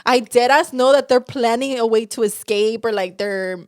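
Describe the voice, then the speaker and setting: A woman co-hosting a podcast in casual chat, animated, swearing freely and laughing often. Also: on the high side, normal speed, no echo, studio quality. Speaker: podcast co-host.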